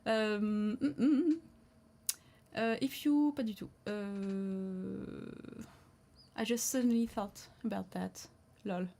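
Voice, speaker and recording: A woman's voice: medium pitch, slow pace, gravelly, dark tone. A woman with a French accent, a craft streamer in a casual live chat, thinking aloud with many restarts while she beads. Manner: hesitant, thinking aloud, answers chat comments. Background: violin music.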